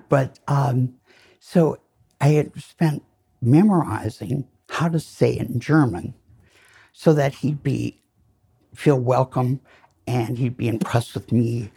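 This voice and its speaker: A man's voice: mid-range voice, takes it slowly, vocal fry, warm tone, husky. An older man giving a lecture, telling rambling, self-deprecating anecdotes full of fillers. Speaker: lecture speaker. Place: lecture hall.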